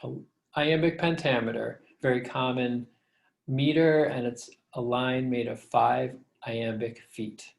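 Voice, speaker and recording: A middle-aged man lecturing as a professor over a slideshow, relaxed and conversational, with fillers, reading verse slowly to show its rhythm. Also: mid-range voice, vocal fry. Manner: reads verse lines slowly to show the meter.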